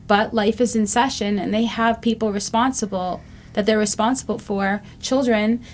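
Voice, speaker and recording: A woman's voice: mid-range voice, fairly even intonation, moderate pace, a little hiss or hum. A woman in her fifties hosting a recovery show, talking reflectively and earnestly with frequent ums. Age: 50s. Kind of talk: casual talk-show monologue.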